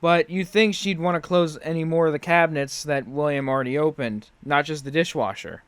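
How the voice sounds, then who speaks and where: A man hosts a reaction video and delivers sarcastic, swearing commentary. His voice is high for a man. The recording is dry, with no room echo. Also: fairly quick, smooth. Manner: sarcastic, profane.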